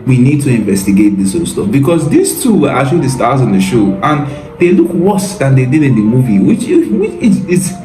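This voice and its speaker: A man's voice: medium pitch, very animated, fairly quick, dark tone, reverberant, faint music behind, low-quality recording. A man hosting a casual reaction commentary, mocking and exasperated, laughing often and calling the listener bro. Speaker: commentary video host.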